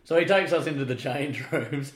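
A man's voice: fairly high pitch, moderate pace. Sweary Australian man in an echoey room. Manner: laughing storyteller, sweary, acts out quotes loudly. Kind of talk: casual chat, anecdote telling.

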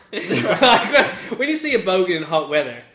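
A high, bright-voiced Australian man in relaxed podcast banter, teasing the others and laughing often. His voice rings in an echoey room. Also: measured pace.

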